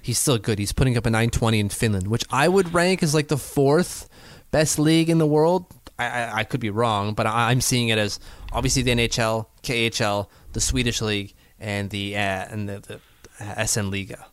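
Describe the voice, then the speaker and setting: A man's voice: mid-range voice, normal speed, dry recording. A man co-hosting a casual sports podcast, rambling and hedging as he talks. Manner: rambling, hedging, lots of fillers and restarts. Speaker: podcast co-host.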